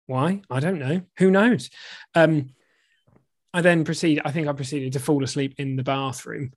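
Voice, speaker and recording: A man's voice: on the high side, normal speed, no room sound. A man from the UK co-hosting a podcast, telling stories in casual chat with frequent laughs. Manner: chatty, laughing, animated storytelling. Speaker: podcast co-host.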